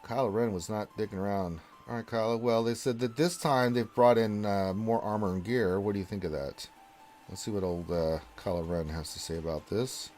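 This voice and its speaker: A man streaming a game live and commenting as he plays. He jokes, talks to the characters on screen, and swings between loud excited calls and low muttering. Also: moderate pace, soft background music. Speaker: gaming streamer.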